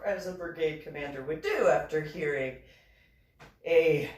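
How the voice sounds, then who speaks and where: A woman reverend telling funny personal stories in an animated way, laughing and making sound-effect voices. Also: low voice, a little slow. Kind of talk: comedic personal storytelling. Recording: roomy room, distant mic.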